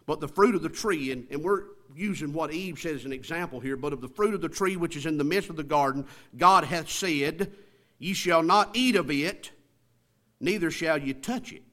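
A man preaching a sermon, asking the congregation rhetorical questions, reading scripture aloud and building up to loud, emphatic passages. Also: on the high side, moderate pace. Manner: reads scripture aloud in King James wording.

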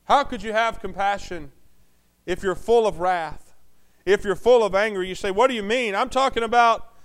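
A middle-aged male pastor preaching a sermon, moving between loud emphatic bursts and quiet, hushed intensity. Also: high-pitched, moderate pace, clean tone.

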